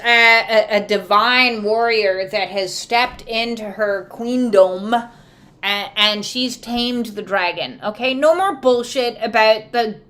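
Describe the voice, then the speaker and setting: A woman's voice: mid-range voice, a bit bright. A woman giving a live spiritual card reading to viewers, casual and emphatic, swearing freely. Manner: acts out quoted voices. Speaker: oracle and tarot card reader.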